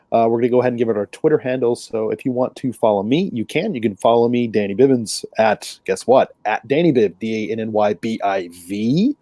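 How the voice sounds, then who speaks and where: A man's voice: medium pitch, warm tone, no echo. A man hosting a casual podcast, easygoing as he wraps up the episode with plugs and jokes. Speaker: podcast host.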